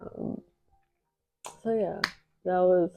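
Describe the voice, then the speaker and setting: Gravelly-voiced woman co-hosting a podcast. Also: on the low side, steady tone, very slow, narrow, tinny audio. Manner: candid, emotional, faith-filled storytelling. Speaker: podcast co-host. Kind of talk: casual chat.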